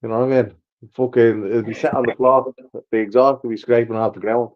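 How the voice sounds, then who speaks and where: A man's voice: medium pitch, steady tone, fairly quick, dull audio. An Irish man in casual chat, blunt and swearing as he retells arguments.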